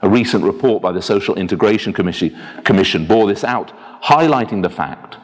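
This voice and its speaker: A man preaching a sermon as a minister, telling anecdotes in a lively, self-deprecating way. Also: fairly low pitch, a little fast. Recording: long reverb of a church hall.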